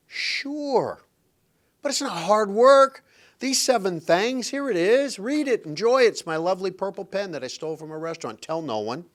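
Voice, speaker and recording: A middle-aged man hosting a podcast, giving relationship advice in an emphatic, blunt, preachy motivational monologue. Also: high voice. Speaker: podcast host and relationship coach.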